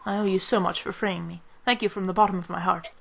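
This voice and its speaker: A woman voicing a calm, serene male monk who speaks in a hushed, measured way. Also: mid-range voice, gravelly, a little hiss or hum, close to an everyday voice.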